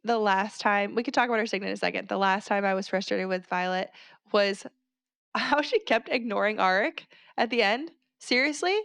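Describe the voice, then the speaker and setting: A woman co-hosting a podcast, talking casually and with animated, exasperated asides. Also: mid-range voice, moderate pace, creaky, smooth, no echo, clean studio sound. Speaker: podcast co-host. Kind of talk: casual book discussion.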